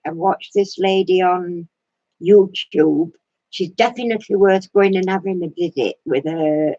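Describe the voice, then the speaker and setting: A woman chats casually on her craft channel's live stream, wandering from thought to thought with plenty of hesitations. Her voice is husky and sits a little low. The recording is dry and a bit dull, lo-fi. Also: a little mellow, dry recording. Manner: rambling and hesitant, many fillers.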